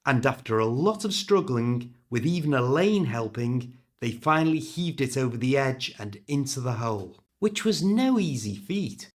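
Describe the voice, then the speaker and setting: A British man narrates a story for listeners learning English, reading clearly and with feeling. His pitch sits in the middle but moves around a great deal as he reads. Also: expressive, normal speed, hardly any pauses.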